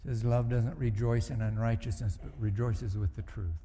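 A man's voice: mid-range voice, steady tone, moderate pace, dark tone, in a large hall. A middle-aged male pastor preaching a sermon in a conversational way, with acted asides. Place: church sanctuary.

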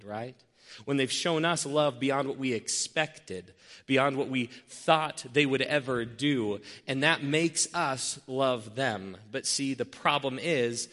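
Animated preacher man in a reverberant hall. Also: medium pitch. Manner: animated, acts out scenarios with changing voices. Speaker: pastor. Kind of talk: sermon with storytelling.

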